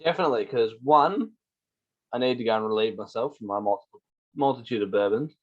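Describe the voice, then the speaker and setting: An Australian man co-hosting a casual chat show, laughing his way through relaxed travel stories. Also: medium pitch, a little fast, muffled recording. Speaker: podcast co-host.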